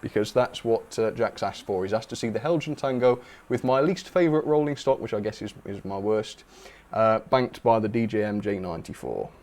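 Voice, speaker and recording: A young man hosting a relaxed livestream, chatting casually, reading out viewer comments with lots of fillers. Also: fairly low pitch, a little fast. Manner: chatty, reads viewer comments aloud, frequent fillers and laughs. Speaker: livestream host. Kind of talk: casual live chat.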